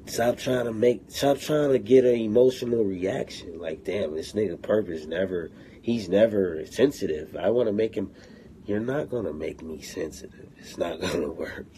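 Brief: low, mellow-voiced man, unhurried, cursing and taunting his critics on a phone livestream. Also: slight background noise. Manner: profane, taunting, confrontational. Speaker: rapper streaming live to fans. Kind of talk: livestream rant.

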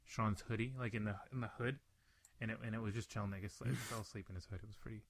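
A man's voice: on the low side, fairly even intonation, fast talker, dry recording. A young man hosting a casual podcast chat, telling a profane story full of restarts and fillers. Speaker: podcast host.

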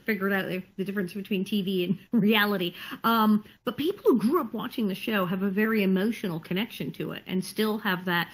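A woman actress chatting in an interview over a video call, telling animated stories with laughter. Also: mid-range voice, husky, poor audio. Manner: animated, laughing, acts out quotes. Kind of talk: casual storytelling interview.

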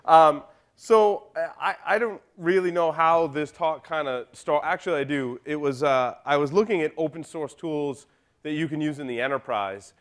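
A man's voice: a little high, moderate pace. A man giving a conference talk, telling a story in a casual, joking way and talking straight to the audience. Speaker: conference speaker. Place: conference hall.

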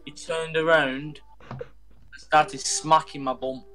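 A man's voice: a little high, level tone, slow pace, fairly bright tone. A man chatting casually while gaming, rambling through a story and acting out the voices of the people in it. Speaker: gamer.

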